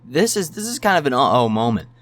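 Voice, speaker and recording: A man's voice: mid-range voice, fast talker. A young man telling a casual storytime, rambling and swearing freely. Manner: profane, rambling and animated. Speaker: storytime YouTuber.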